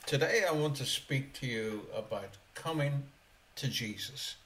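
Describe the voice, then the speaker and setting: A man preaching on his own podcast, reading verses aloud and driving each point home with sharp rises and drops. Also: mid-range voice. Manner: slow, emphatic, rises and drops sharply for emphasis. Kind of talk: podcast sermon.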